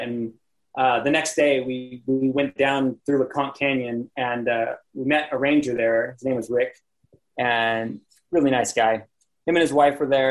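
A man guesting on a podcast, telling a backpacking story in a casual, animated way, acting out other people's lines and often laughing. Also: mid-range voice, low-quality recording. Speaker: podcast guest, landscape photographer.

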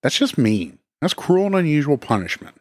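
A man's voice: on the high side, very animated, moderate pace, a little mellow, dry recording. A man co-hosting a podcast in casual chat, with dry teasing humor. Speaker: podcast co-host.

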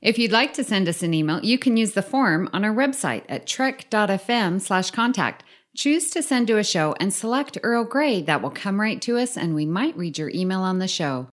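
A woman co-hosting a podcast, chatty and animated. Her voice sits at an ordinary pitch for a woman. She talks in a lively, casual way. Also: normal speed, few pauses. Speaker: podcast co-host.

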